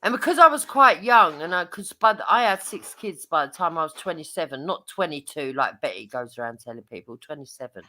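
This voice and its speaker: A woman's voice: deep voice, fairly quick, few pauses. A middle-aged woman, telling brash, swearing stories in casual chat. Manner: swearing, lively storytelling with laughs.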